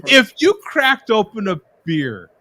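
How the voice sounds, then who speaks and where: A man's voice: sits high, huge pitch swings, slow pace, sharp tone, no echo. A man hosting a casual live-stream chat, joking and laughing often. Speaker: host.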